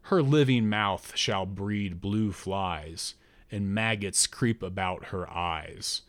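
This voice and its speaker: A man voicing a young female prophetess who chants verses slowly and solemnly in the voice of a god, in an audiobook. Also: deep voice, a bit bright, no room sound. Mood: ominous. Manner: slow, solemn incantation.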